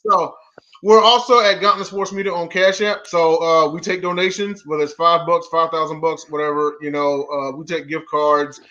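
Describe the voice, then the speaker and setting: A man's voice: a little high, fairly even intonation, moderate pace, sharp tone, dull audio. A man hosting a casual sports podcast, joking and laid-back as he runs the show. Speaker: podcast host.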